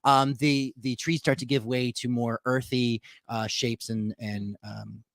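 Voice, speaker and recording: A man's voice: medium pitch, little pitch movement, measured pace, creaky, dry recording, clean studio sound. A man narrating as game master of a comedy tabletop game, easygoing and hesitant.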